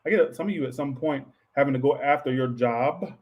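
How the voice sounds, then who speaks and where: A man's voice: medium pitch, a little fast, lo-fi sound. A man giving a casual tarot reading to his viewers, rambling and offhand, with frequent swearing and asides to chat. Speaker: tarot reader.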